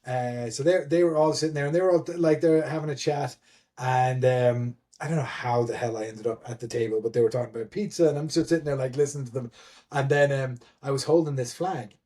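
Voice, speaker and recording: A man's voice: mid-range voice, steady tone, brisk, dark tone. Chatty male guest, mid-range voice, rambling storyteller full of restarts, casual swearing. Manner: rambling, many restarts and fillers; laughs often, swears casually. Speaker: guest, event admin.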